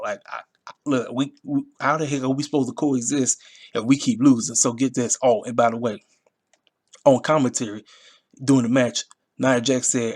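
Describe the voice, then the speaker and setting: Man, middle pitch, ranting casually, exasperated, pitch jumps up high when outraged. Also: fairly even intonation, moderate pace, darkish tone. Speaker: wrestling show reviewer. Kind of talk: casual rant.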